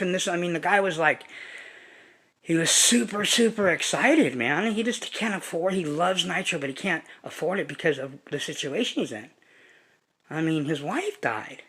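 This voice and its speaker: A man's voice: high voice, animated, normal speed, bright, forceful tone, breathy edge. A man vlogging casually to his viewers in a rambling, profane, emphatic way. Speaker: hobby vlogger. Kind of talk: casual chat to camera.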